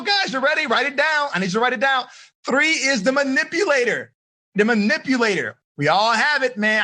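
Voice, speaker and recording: A middle-aged man, a teen life coach, teaching a live online seminar in an energetic, questioning way. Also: very high-pitched. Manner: energetic, asks questions, coaxing.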